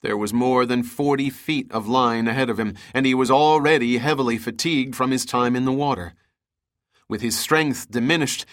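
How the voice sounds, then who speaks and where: A man reading an adventure audiobook aloud in a steady, measured narration. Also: medium pitch.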